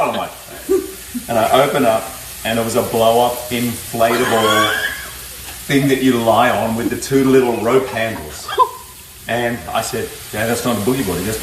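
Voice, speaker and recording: A man's voice: medium pitch, moderate pace. A man casually telling a childhood story while cooking, quoting his father and laughing. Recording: echoey, far from mic, noisy.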